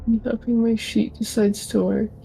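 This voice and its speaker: A woman's voice: a little high, level tone, normal speed, creaky, dark tone, faint music behind. Woman player, tabletop game, casual questions, easygoing.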